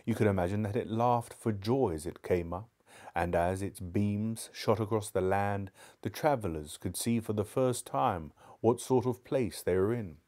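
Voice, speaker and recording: A man with a low voice reads a children's classic aloud live, steady and measured. Between chapters he chats in a relaxed, easygoing way as a book club host. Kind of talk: live audiobook reading and casual chat.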